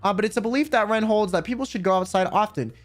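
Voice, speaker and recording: A man's voice: sits high, quick pace. A young man streamer giving casual, joking commentary with lots of swearing. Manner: animated, profane, joking.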